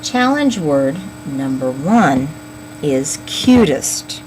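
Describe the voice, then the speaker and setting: A woman teaching young children a phonics lesson, slowly sounding out words and counting syllables. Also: sits low, big pitch swings, a little mellow, slight background noise, poor audio. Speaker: elementary school teacher.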